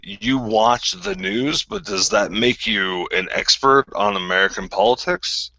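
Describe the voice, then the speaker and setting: A man's voice: on the low side, big pitch swings, a little slow, bright, forceful tone, dry recording, muffled recording. A man hosting a group call, bluntly and combatively calling someone out in a repetitive rant. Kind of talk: confrontational ranting callout.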